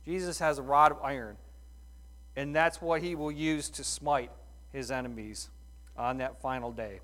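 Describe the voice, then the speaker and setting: A middle-aged man preaching a sermon in a folksy, animated way, full of rhetorical questions. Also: medium pitch, normal speed. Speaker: pastor.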